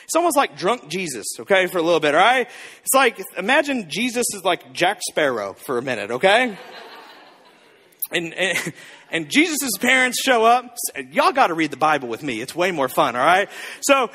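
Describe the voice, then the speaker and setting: A man preaching a sermon as pastor, telling the story in an animated, joking way. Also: high voice, moderate pace, breathy edge, big-room sound. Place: church.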